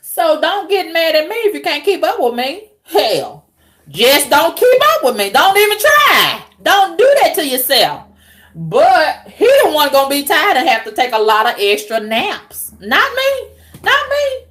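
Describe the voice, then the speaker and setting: A woman vlogger ranting to camera with profane, animated storytelling, laughing at her own jokes. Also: high voice, measured pace. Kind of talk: unscripted rant to camera.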